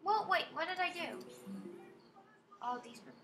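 A woman's voice: extremely high pitch, lively intonation, unhurried, bright, forceful tone, faint music behind. A woman giving casual, jokey commentary while playing a game, reacting aloud as she goes. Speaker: gamer.

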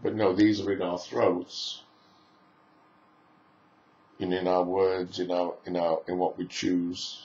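A man's voice: low voice, level tone, slow pace, long pauses, a little mellow. A man giving a spoken lecture in a musing way, piling up lists of phrases as he goes. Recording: echoey room, dull lo-fi sound.

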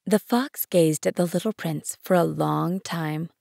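A woman reading audiobook narration in a calm, even manner. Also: fairly low pitch, unhurried, vocal fry, no echo, studio quality. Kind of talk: scripted narration.

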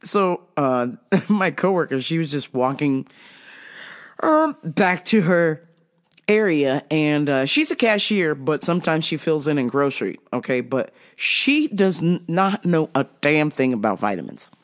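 A woman hosting a podcast, telling a story in an animated, profane, casual way. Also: low voice, unhurried. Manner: animated, profane, laughing between lines. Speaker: podcast host.

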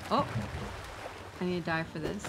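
A young woman playing a game on stream, excitable and foul-mouthed, gasping and exclaiming as she goes. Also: on the low side, moderate pace, noisy background. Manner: excitable, swears freely, gasps and exclaims. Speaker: gaming streamer. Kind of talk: casual gameplay commentary. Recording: game music loud behind voice. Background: game music.

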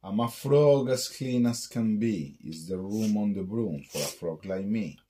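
A man reading aloud, voicing a polite male frog with a croak. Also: lowish voice, lively intonation, measured pace, dark tone.

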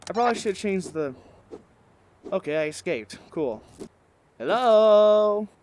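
A man playing a VR game at home, giving casual, excitable commentary through a headset microphone. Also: a little high, moderate pace, a little hiss or hum. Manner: excitable, exclaiming, joking. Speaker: gaming video creator.

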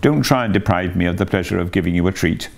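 A man's voice: sits low, fast, vocal fry, a little mellow, a little hiss or hum. A man voicing a large, hearty canal barge woman who talks in a bluff, friendly way. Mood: insistent.

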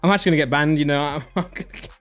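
A young man hosting a live stream, chatty and excitable, laughing often and giving shout-outs to viewers. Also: a little high, very fast, soft background music. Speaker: live-stream host opening card packs.

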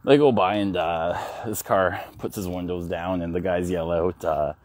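A man's voice: low voice, moderate pace, darkish tone. A man vlogging while walking his dogs down a city street, telling a story frankly and with feeling, with swearing and restarts, into a phone he holds. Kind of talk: casual walk-and-talk vlog.

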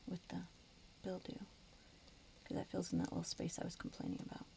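Gravelly low-voiced woman, half-whispering. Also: monotone, brisk, warm tone. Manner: chatty, often drops to a whisper while sticking stickers. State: voice starting to go. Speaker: planner vlogger. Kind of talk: casual plan-with-me chat. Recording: dull lo-fi recording with faint noise.

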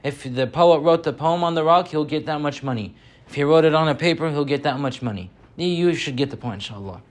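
A young man giving a Friday sermon as a story, animated and slowing down on key points. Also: fairly high pitch.

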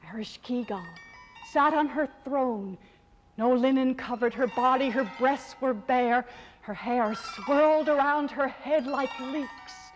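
A woman's voice: high-pitched, takes it slowly, faint music behind. A woman storyteller performing an ancient epic in a rhythmic, incantatory way, sometimes dropping to a whisper.

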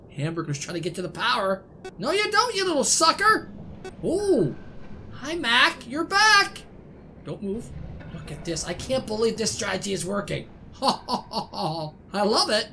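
A woman host giving excited let's-play commentary, laughing often and talking to the game characters. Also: mid-range voice, a little slow, gravelly, slight background noise. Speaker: gaming channel host.

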